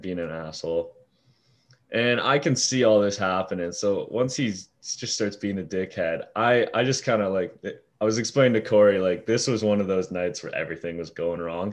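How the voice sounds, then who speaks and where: Young guy, deep voice, casual storytelling, swears a lot, acts out quotes. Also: a little fast. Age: young adult. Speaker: fast-food shift manager.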